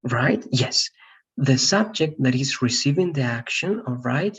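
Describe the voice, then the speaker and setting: A man's voice: mid-range voice, lively intonation, a little slow, breathy edge, rough recording. A man teaching an English grammar class online, patiently explaining and checking understanding with his students. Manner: patient, repeats "all right?" to check understanding.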